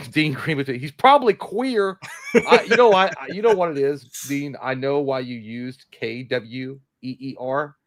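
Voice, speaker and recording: A man's voice: mid-range voice, a little slow. A man co-hosting a casual livestream, reading viewer questions aloud and joking about them in a loose, profane way. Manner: jokey, profane, reads viewer messages aloud. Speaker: podcast co-host reading chat questions.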